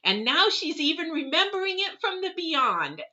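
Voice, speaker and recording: A woman voicing her elderly aunt in her nineties, high-pitched and exclaiming. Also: big pitch swings, normal speed, sharp tone, muffled recording, full character voice. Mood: delighted.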